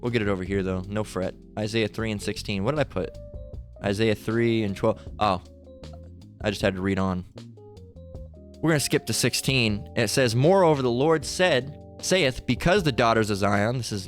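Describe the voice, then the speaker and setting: A man's voice: lowish voice, fairly even intonation, moderate pace. A man delivers a heated preaching monologue, fiery and insistent. He trips over his words and restarts again and again. Faint music plays underneath. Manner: fiery, repetitive, with many restarts.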